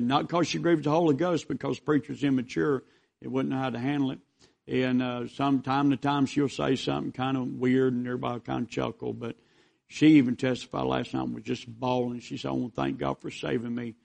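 A man preaches a revival sermon, rambling through stories in a folksy way. His voice has a rough, gravelly edge and stays fairly level in pitch. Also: a little mellow. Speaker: visiting preacher.

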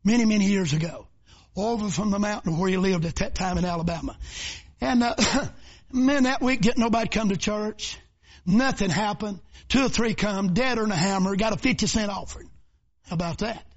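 An older man preaching a shouted revival sermon, calling out questions to the congregation. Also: high voice, normal speed, lo-fi sound. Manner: preaches in shouted bursts with rhetorical calls to the crowd. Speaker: pastor.

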